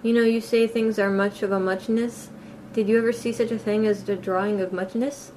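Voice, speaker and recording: A woman voicing a sleepy, touchy male dormouse who tells a story in a drowsy, slow way. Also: mid-range voice, steady tone, darkish tone, slight background noise, lightly acted, low-quality recording.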